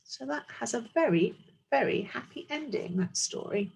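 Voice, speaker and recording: A woman teacher reading a picture book aloud to young children, slow and expressive, with friendly asides. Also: a little high, vocal fry, very noisy. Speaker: early years teacher.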